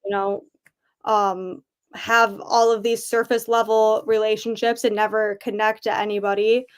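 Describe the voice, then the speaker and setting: A woman's voice: mid-range voice, level tone, moderate pace, clear, resonant tone. A young woman chatting casually about a book, full of fillers and frequent laughs. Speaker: book club discussion participant.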